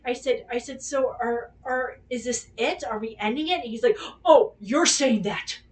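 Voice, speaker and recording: A woman with a slightly high voice tells a personal story in loose, rambling chat. She is candid and swears freely, acting out what each person said. She sits a bit back from the microphone, so her voice sounds slightly distant. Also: moderate pace, slight background noise. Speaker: podcast host.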